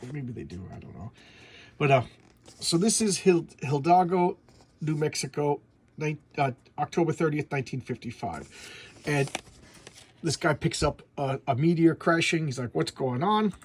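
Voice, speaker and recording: Chatty man with a husky voice. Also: a little high, lively intonation, moderate pace. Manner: chatty, stumbling restarts. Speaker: comic book reviewer. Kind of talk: casual comic review.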